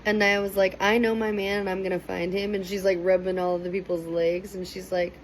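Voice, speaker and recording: A young woman casually recapping and reacting to a TV episode, chatty and animated, with a faint hiss behind her. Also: medium pitch, fairly quick, hardly any pauses, rough recording. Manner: chatty, animated, quotes people in raised voices. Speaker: reaction commentator.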